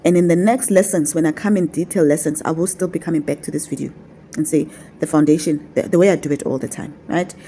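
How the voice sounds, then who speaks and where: Speaking quickly in a steady, fairly low and mellow voice, a woman teaches her online followers about spiritual practice. She is casual and affectionate, repeating her points to coax them along, with a faint hiss of noise beneath her voice.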